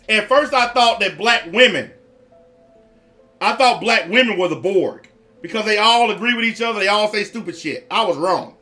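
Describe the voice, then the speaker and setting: A man's voice: sits high, pushed and bright. A man giving blunt, profane reaction commentary in a repetitive rant.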